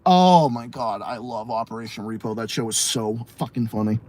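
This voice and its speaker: A man's voice: medium pitch, normal speed, a little mellow. A man hosting a late-night livestream podcast, ranting casually, swearing a lot, repeating himself and laughing often. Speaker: podcast host and streamer.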